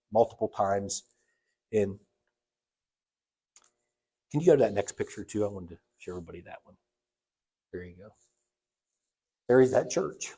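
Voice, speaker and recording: A man, a church elder, preaching a sermon and telling a personal story, acting out the dialogue with sudden rises and drops in his voice. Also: mellow. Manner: storytelling, acts out quoted dialogue with big swings in pitch and volume. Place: church sanctuary.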